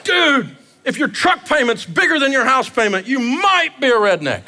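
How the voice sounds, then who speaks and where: High, bright, joking male finance speaker. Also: moderate pace. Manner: energetic, joking, animated. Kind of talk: live seminar talk.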